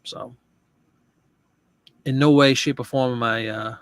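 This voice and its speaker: A man's voice: medium pitch, fairly even intonation, takes it slowly, no echo. A man hosting a live chat show, talking casually and rambling with restarts and asides.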